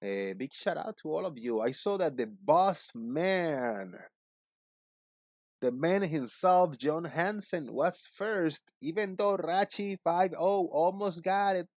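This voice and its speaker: A man's voice: fairly high pitch, lively intonation, slow, no room sound, clean studio sound. A man hosting a live chat stream, upbeat and greeting his viewers one by one by name. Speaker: livestream host.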